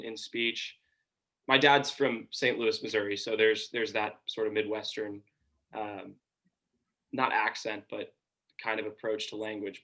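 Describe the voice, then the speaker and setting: A man's voice: fairly low pitch, sharp tone, poor audio. A young man from Georgia, a college sports broadcaster, answering interview questions thoughtfully with frequent ums. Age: young adult. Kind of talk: casual interview.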